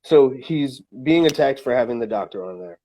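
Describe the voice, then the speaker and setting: A man co-hosting a laid-back podcast, talking through his views in a loose, rambling way. He stops and starts often and fills gaps with "um", but keeps pressing his point. His voice sits at an ordinary pitch. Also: lively intonation, moderate pace, dark tone. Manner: opinionated, rambling with many fillers and restarts. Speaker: podcast co-host. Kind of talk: casual opinion chat.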